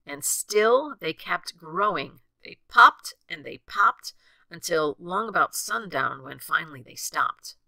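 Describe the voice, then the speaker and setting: An older woman reading a rhyming storybook aloud with expressive, sing-song rhythm. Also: lowish voice, slow pace, gravelly, no echo.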